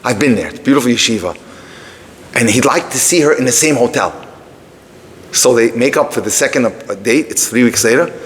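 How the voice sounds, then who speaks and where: A man teaching through a story to a live audience, animated, breaking off to speak to the room. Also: mid-range voice, brisk, a little hiss or hum. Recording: long reverb of a hall.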